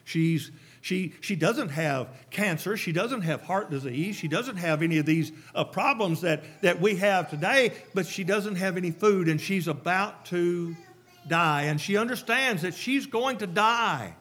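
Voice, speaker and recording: A man's voice: high-pitched, a little slow, a bit bright, slightly rough. A man preaching a sermon, emphatic and repetitive, with rhetorical questions to the congregation.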